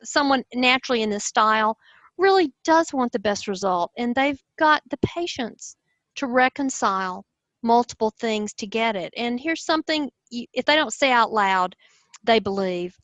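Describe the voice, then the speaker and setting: Casting: Southern US woman host, lively and expressive, a bit high-pitched, dry close sound. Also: dry recording, rough recording. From Southern United States. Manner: enthusiastic, expressive. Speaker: host, personality-type teacher. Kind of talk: explanatory conversation.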